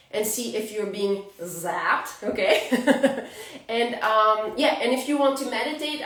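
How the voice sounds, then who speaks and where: A woman's voice: medium pitch, fairly bright tone. A woman in her forties with a French accent, hosting a casual spiritual astrology talk for her viewers. She is chatty and laughs often between thoughts. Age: 40s. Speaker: astrology channel host. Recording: roomy, from a distance to the mic.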